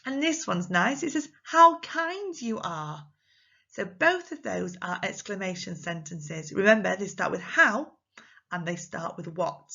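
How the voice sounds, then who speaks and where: A woman teaching young children in a recorded lesson, speaking slowly and clearly with an English accent and acting out her examples in an exaggerated, expressive voice. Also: fairly low pitch, muffled recording. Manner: slow, clear, encouraging talk to small children. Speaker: primary school teacher.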